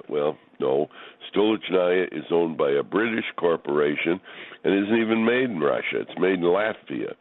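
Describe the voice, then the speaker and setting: A man's voice: sits low, dry recording. A man, a regular spirits guest, talking casually and unhurriedly with many fillers and restarts. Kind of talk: casual on-air chat. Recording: tinny phone line.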